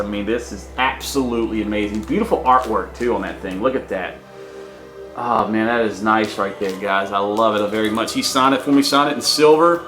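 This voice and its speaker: Excited man rambling about his record haul. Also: medium pitch. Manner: enthusiastic, rambling, addresses viewers as guys. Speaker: collector vlogger. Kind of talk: casual show-and-tell vlog. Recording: echoey room with faint music.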